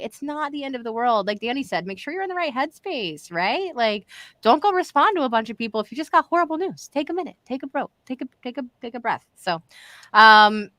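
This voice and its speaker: A woman's voice: high-pitched, sing-song, brisk, pushed and bright, no room sound. A woman hosting a live stream in casual, chatty talk, addressing viewers directly. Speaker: live show host. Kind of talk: casual livestream chat.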